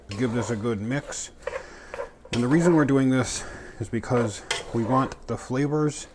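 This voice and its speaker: A man's voice: mid-range voice, very noisy. A man casually demonstrating a recipe at home, chatty and joking as he talks to himself while he cooks. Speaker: home cook. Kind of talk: casual cooking demo. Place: home kitchen. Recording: clattering pans and utensils behind.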